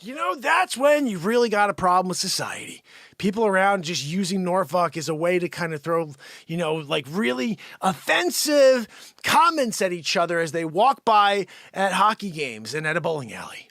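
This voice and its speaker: High, bright, excitable man ranting. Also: moderate pace, no echo, clean studio sound. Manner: loud, excitable ranting with sudden shouts; drops to a low mumble for asides. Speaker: comedy show host. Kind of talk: improvised comedy news bit.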